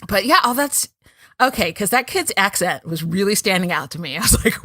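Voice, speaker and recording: A woman's voice: medium pitch, sing-song, a little fast, bright, forceful tone, no room sound, studio quality. A woman hosting a podcast, chatting casually and laughing often as she reads out episode notes. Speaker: podcast host.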